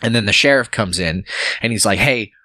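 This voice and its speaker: A man co-hosting a movie podcast, recapping the plot in a casual, laughing way and slipping into quick silly voices for the characters. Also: on the low side, bright, forceful tone, no room sound. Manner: laughs often, stumbles over words, acts out characters in quick put-on voices. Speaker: podcast co-host.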